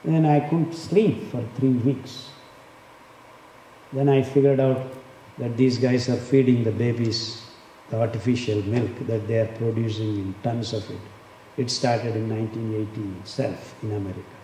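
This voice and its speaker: A man's voice: medium pitch, fairly even intonation, normal speed, mellow. A man in his sixties from India, giving an impassioned talk and repeating words for emphasis. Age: 60s. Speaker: speaker on diet and health. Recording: echoey hall, faint background noise.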